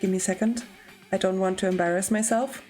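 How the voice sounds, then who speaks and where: A woman's voice: medium pitch, fairly even intonation, fast talker, a little mellow, faint music behind. A young woman streamer chatting casually and giggling while she plays a game and answers chat. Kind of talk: casual let's-play commentary.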